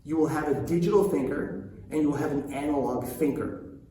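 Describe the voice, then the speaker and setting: A man's voice: fairly high pitch, a little fast, warm tone. A man speaking as a parenting coach, talking earnestly and directly to his listeners, often repeating his points. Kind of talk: casual talk to viewers. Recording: very echoey room, distant mic, faint ambience.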